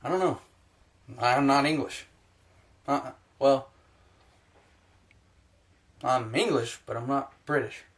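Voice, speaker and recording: A man's voice: mid-range voice, slow pace, pauses often. A man from the United States ranting profanely about fighters in a heated sports opinion vlog. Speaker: sports vlogger.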